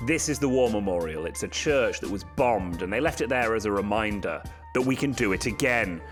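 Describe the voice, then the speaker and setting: Young British guy, dry sarcastic travel vlogger, lively pitch, light music bed. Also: a little fast. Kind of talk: wry travel vlog commentary.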